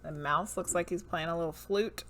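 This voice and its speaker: A woman's voice: on the low side, moderate pace, fairly bright tone, slight background noise. A woman with a Southern US accent chatting casually on a livestream, musing over cards and talking to viewers. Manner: musing, reads card names aloud, chats with viewers. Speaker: streamer.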